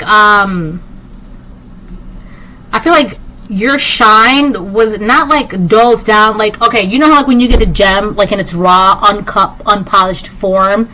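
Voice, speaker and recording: Woman doing a chill tarot reading, lots of ums and likes, kinda sassy, sharp bright voice. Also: mid-range voice, slight background noise, poor audio. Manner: rambling, filler-heavy, with frequent "like" and "um". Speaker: tarot reader. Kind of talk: casual collective tarot reading.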